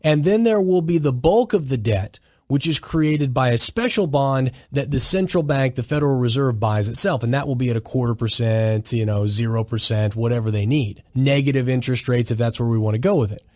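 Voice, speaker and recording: A man's voice: medium pitch, brisk, a little mellow, no echo, studio quality. A man hosting a solo commentary podcast, talking emphatically in a lecturing way and often restarting his sentences. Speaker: podcast host.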